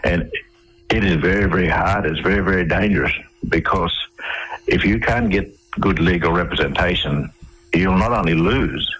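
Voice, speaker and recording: Husky deep-voiced Australian man on radio. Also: normal speed, fairly bright tone, rough recording. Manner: rambling, with many fillers and restarts. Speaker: radio interview guest. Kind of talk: conversational storytelling.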